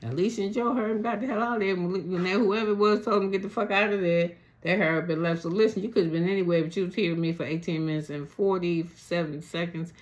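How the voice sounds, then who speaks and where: A man's voice: high voice, steady tone, fast, hardly any pauses. A man casually recapping a reality show, retelling the drama in profane, slangy gossip.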